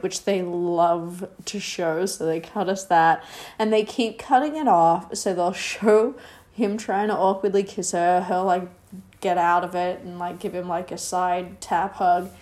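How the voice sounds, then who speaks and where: A woman's voice: fairly low pitch, darkish tone. A woman casually recapping a reality show, rambling and sarcastic, with lots of fillers.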